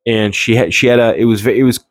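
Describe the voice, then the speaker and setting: A man's voice: mid-range voice, fairly even intonation, a little fast, no echo. A man giving a heated, indignant political rant in a casual, rambling way, often restarting his sentences. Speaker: political commentator.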